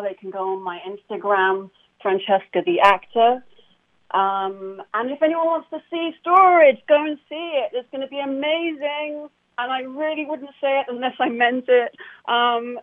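A woman who acts, talking about her work in a casual interview, enthusiastic and full of fillers and restarts. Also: a little high. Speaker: actor guest. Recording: phone line.

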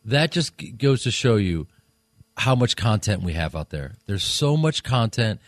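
A man's voice: lowish voice, very animated, no echo, studio quality. A man from Chicago, a comedian guest, chatting in a rambling, self-mocking way on a radio show. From Chicago, USA. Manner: rambling, self-mocking, quick to slip into voices. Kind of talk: casual radio interview chat. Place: radio studio.

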